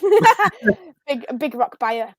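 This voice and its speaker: Female football co-host, high voice, dry close sound, chatty and giggly. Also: big pitch swings, slow pace, no room sound. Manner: laughs often, runs through results. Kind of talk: casual chat.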